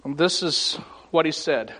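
A man preaching a sermon as pastor, pausing dramatically and voicing scripture and God's words with rising emphasis. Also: a little high, sharp tone. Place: church sanctuary. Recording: long hall reverb.

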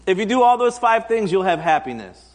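A man in his thirties gives a conversational sermon, his voice sitting a little high. He slips into funny quoted voices as he tells stories. The sound carries a long reverb from a large hall. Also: big pitch swings, brisk. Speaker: pastor.

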